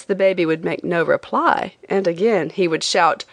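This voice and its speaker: A woman narrating a travel memoir as an audiobook, with an expressive reading. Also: lowish voice, moderate pace, few pauses, no room sound. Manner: expressive, lively delivery.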